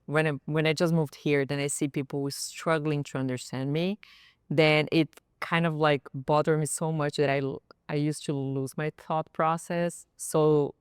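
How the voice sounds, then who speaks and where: A woman's voice: sits low, normal speed, smooth, no room sound, studio quality. A woman with a Brazilian accent, a podcast guest speaking frankly and with laughter in a casual roundtable chat. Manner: frank, laughing, animated storytelling.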